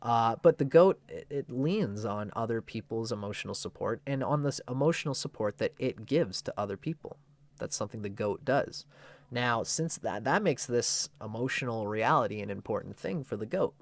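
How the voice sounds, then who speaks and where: A man talks through astrology off the cuff, animated and excitable, often restarting his sentences. His voice sits at a middling pitch. The recording is dry and close. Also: moderate pace, gravelly, no room sound. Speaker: astrologer presenting a video. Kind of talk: unscripted explanatory talk.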